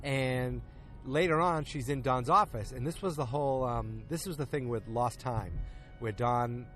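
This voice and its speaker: A man's voice: medium pitch, fairly bright tone, soft background music. Man casually recapping a TV episode. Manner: retells scenes by acting out lines in quick quotes. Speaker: podcast host. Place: outdoors in a park.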